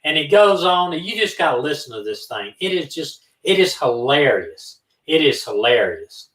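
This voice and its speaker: A man's voice: a little high, normal speed, far from the mic. A man telling a casual story, acting out both sides of a phone call. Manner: animated, acts out both sides of phone calls. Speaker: co-host of a true-crime live stream. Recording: roomy, from off the mic.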